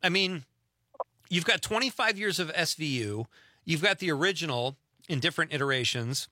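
Host: middle-aged guy, rambling banter, bright forceful voice, dry studio sound. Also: fairly high pitch, lively intonation, no echo. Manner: chatty, rambling, quick laughs. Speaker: radio show host. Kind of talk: casual radio banter. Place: radio studio.

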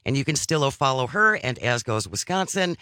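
A man's voice: medium pitch, very animated, moderate pace, bright, forceful tone, no room sound. A man hosting a radio talk show, speaking conversationally and earnestly, laying out his points one by one in a studio. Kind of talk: casual political talk.

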